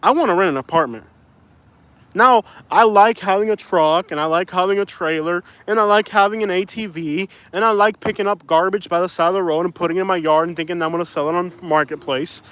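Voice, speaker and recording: A young man with a fairly high voice rants on a casual live stream, frustrated and venting. He keeps saying "bro" and "like" and apologizes now and then for his swearing. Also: a little fast, a bit bright, no room sound. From Florida. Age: young adult. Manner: says "bro" and "like" often. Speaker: YouTuber reading live chat.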